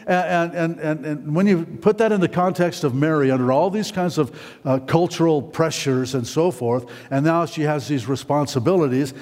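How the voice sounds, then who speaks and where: A man's voice: fairly high pitch, normal speed, a little mellow. A middle-aged male pastor delivers a sermon in a casual, rambling way, stumbling over fillers and restarting his sentences. He keeps turning to the congregation with questions. His voice carries a long reverb from a church hall.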